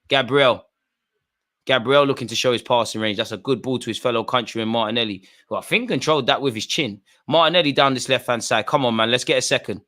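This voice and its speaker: A man runs a live football watch-along, talking the match through in slangy banter. His voice is bright and forward. He swings from muttered asides to excitable shouts at the referee. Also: mid-range voice. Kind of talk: live match reaction commentary.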